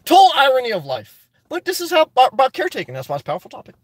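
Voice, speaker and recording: Male livestream host, very high pitch, animated and preachy, dry close mic. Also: rapid-fire, no room sound. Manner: rambling, preachy and animated, laughs often. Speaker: livestream host reading viewer chat. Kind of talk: casual live chat.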